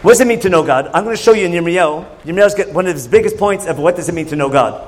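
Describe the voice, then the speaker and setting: A man's voice: sits high, animated, rapid-fire, low-quality recording. A man teaching a Torah class in a conversational lecture, often asking his listeners questions. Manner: questioning, conversational, asks the audience.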